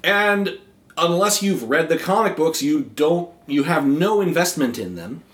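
Halting man with a roomy echo. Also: a little high, lively intonation, a bit bright. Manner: halting, many restarts. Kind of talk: casual film discussion.

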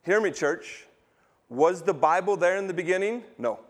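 A middle-aged man preaching to his church in a slightly higher voice. He sounds emphatic, putting questions to the listeners and slowing down to press his points. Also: animated. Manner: emphatic, asks the congregation questions. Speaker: pastor. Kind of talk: sermon.

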